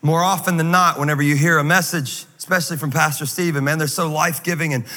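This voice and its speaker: A man preaching a sermon in an energetic, joking, conversational way. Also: a little high, quick pace. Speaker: guest pastor. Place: large church auditorium. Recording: reverberant hall, faint noise.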